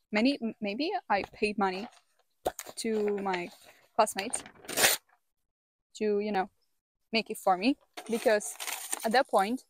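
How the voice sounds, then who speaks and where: A woman's voice: mid-range voice, noisy background. A young woman who is not a native English speaker, chatting casually to camera outdoors by a campfire, often exclaiming and repeating words. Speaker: vlogger. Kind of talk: casual vlog talk to camera.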